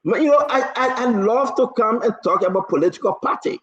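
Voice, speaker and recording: A man's voice: high voice, brisk, fairly bright tone, highs cut off. A man from Liberia with a Liberian accent, hosting a casual political talk show, teasing and pushing his guest with many restarts.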